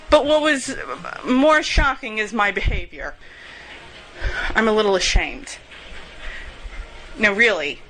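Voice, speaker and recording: Bright-voiced chatty woman podcaster. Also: medium pitch, slow pace, pauses often, rough recording. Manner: chatty, profane, giggly storyteller. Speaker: podcast host. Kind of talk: casual rambling monologue. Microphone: portable recorder.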